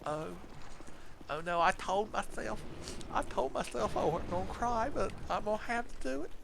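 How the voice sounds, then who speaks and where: A man doing a soft, fretful substitute teacher. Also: medium pitch, normal speed, noisy background, natural voice. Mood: teary. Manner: soft-spoken, hesitant, earnest. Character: nervous, kindly middle-aged male substitute teacher.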